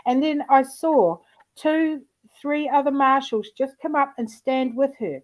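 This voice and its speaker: A woman hosting a livestream in loose, casual chat. Her voice sits a little high, and she wanders through anecdotes with plenty of swearing and laughter. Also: unhurried, low-quality recording. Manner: profane, rambling anecdotes with frequent laughter. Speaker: livestream host.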